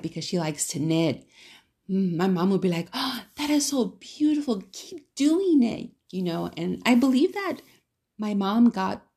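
A woman from California talking on her podcast in a loose, loving monologue. Her low voice has a gravelly, husky edge and a mellow, darkish tone. She rambles fondly, full of fillers and restarts. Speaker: podcast host. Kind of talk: casual solo podcast monologue.

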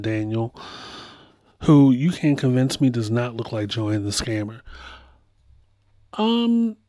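A man hosts a pop culture podcast in an unhurried, drawn-out delivery. His voice sits in a middle register, and he colors his stories with playful impressions. The sound is dry and close. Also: mid-range voice, no room sound. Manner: animated storytelling with playful impressions. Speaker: podcast host. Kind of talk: casual pop culture commentary.

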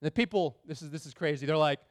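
A man's voice: a little high, quick pace. A male pastor preaching a sermon in a conversational way, repeating key phrases for emphasis.

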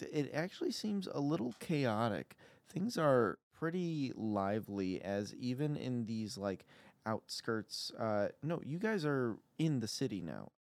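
A man narrating a tabletop role-playing game as game master, in a casual, halting way with many fillers. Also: on the low side, a little mellow, dry recording, studio quality.

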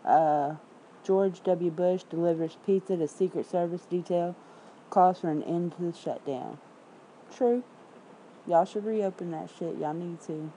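Southern woman from memphis, low dark voice, blunt and cussing, just chatting at her viewers. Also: a little hiss or hum, poor audio. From Memphis, Tennessee. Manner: blunt, profane, reads comments and headlines aloud with quick asides. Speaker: independent writer streaming to viewers. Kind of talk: casual livestream chat.

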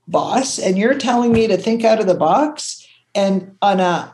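An older woman from Canada, a creativity consultant, telling stories in an animated, conversational way and acting out the voices she quotes. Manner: expressive, acts out quotes, jumps to high pitch when excited.

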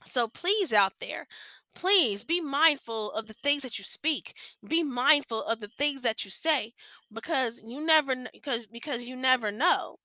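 Bright-voiced earnest woman podcaster. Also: high-pitched, expressive, measured pace, no echo. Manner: earnest, rambling, frequent restarts. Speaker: podcast host. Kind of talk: faith-based personal podcast talk.

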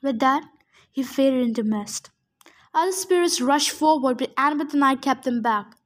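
A woman reading a first-person novel aloud, steady with small slips. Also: sits high, normal speed. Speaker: audiobook reader.

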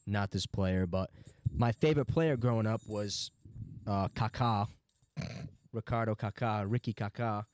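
A man's voice: fairly low pitch, darkish tone, clean tone, dry recording. A man in his twenties, co-hosting a podcast, telling a loose, profane story full of filler words. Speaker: podcast co-host. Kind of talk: casual chat.

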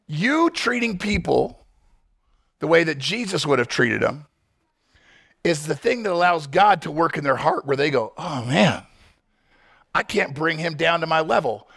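A male pastor preaches in a church, his voice a touch high and full of gravel. He swoops up and down in pitch, jumping into quick acted-out bits between points. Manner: animated, acts out quick scenes and voices. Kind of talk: sermon.

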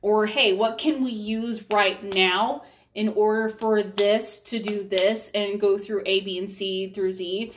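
A woman's voice: mid-range voice, steady tone, slow pace, a little hiss or hum. A young woman, a mother, chatting candidly to camera, with lots of fillers and restarts. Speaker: mother vlogger. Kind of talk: casual chat to camera.

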